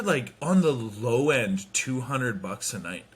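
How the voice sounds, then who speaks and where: A man hosting a podcast, telling a comedic story in a casual, animated way, swearing and slipping into quick impressions of people. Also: medium pitch, slightly rough. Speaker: podcast host. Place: home.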